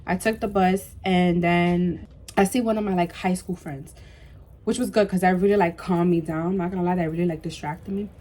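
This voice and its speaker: A young woman vlogger telling a storytime tale in an animated way, full of "like" and "bro" and emphatic repeats. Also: on the low side, fairly quick. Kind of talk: storytime vlog.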